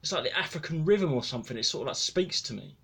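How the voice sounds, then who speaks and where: A man's voice: on the high side, animated, quick pace, sharp tone, husky. A man co-hosting a casual podcast, jokey and self-mocking. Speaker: podcast co-host.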